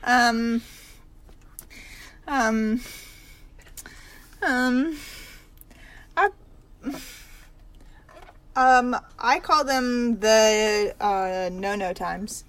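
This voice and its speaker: A woman playing a precocious, nosy young girl who talks slowly and earnestly in an improvised comedy podcast. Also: fairly high pitch, fairly bright tone, clean tone. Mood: embarrassed. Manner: slow, halting, childlike and earnest.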